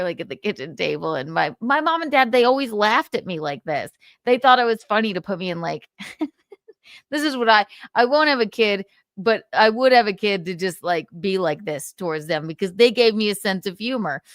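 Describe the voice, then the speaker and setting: A woman's voice: mid-range voice, animated, normal speed, a bit bright, no echo, clean studio sound. A woman hosting a live stream, telling a story in a casual way and laughing often.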